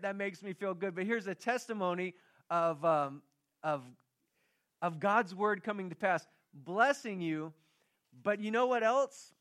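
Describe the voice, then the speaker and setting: A middle-aged man preaching a sermon, telling a family story in a conversational way that swings from hushed to loud and emphatic. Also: a little high. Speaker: pastor.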